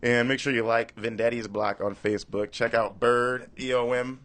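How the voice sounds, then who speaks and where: A man's voice: medium pitch, steady tone, normal speed, a bit bright. A man hosting a casual radio talk show, telling a story in a laid-back way.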